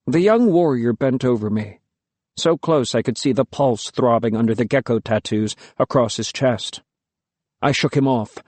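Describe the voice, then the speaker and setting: A man's voice: mid-range voice, normal speed, darkish tone, no echo. A man narrating an audiobook in the first person, telling the story expressively and without hurry.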